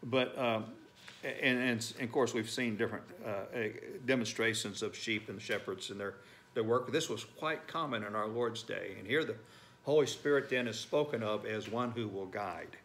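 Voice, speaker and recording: A man's voice: fairly low pitch, normal speed, a bit bright, slight background noise. An older man in his sixties preaching a sermon, emphatic, repeating phrases and reading scripture aloud. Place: church sanctuary.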